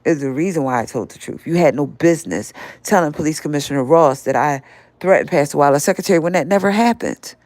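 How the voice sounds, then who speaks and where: A woman's voice: low voice, fast, darkish tone, no echo. An older woman hosting a live stream, scolding and confronting someone directly in a heated rant.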